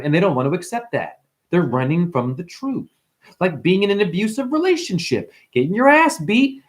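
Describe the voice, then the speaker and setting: A man ranting profanely to his livestream chat, often mimicking customers in high voices. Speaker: livestream host. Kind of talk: rambling livestream rant.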